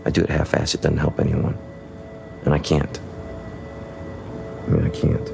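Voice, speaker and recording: An actor playing a weary man who haltingly explains he must commit fully to his job. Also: extremely low pitch, big pitch swings, creaky, over music, heavily acted. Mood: earnest, weary. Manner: halting, repeats himself, earnest. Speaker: husband in a TV drama. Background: dramatic score under the scene.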